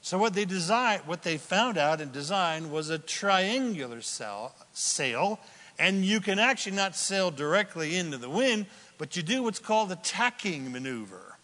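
A man preaching a sermon as pastor, swinging between loud exclamations and hushed asides. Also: high-pitched, big pitch swings, normal speed. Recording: long hall reverb.

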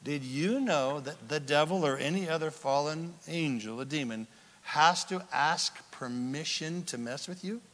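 A man preaching a sermon in a conversational, animated way, now and then acting out little voices. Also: a little high, a little slow, big-room sound. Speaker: pastor.

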